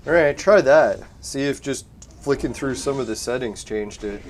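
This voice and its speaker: A man on a casual live stream chatting from his home setup, laid-back and quick to swear and laugh. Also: mid-range voice, slight background noise. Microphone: desk mic through a soundboard.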